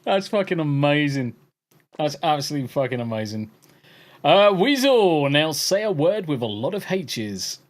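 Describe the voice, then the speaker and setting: A man's voice: on the high side, sing-song, moderate pace. An English man hosting a podcast, bantering with chat and swearing freely. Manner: profane, laughing banter. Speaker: podcast host reading chat. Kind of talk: casual chat.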